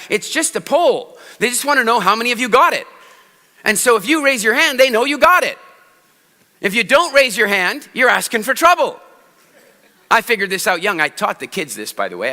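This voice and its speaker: A bright, forceful male speaker on stage, pitched fairly high for a man, acting out little scenes and throwing questions at the crowd. His voice rings through a big hall with a long tail of reverb. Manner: animated storytelling, acts out voices and asks the audience questions. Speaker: motivational speaker. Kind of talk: live stage talk to an audience.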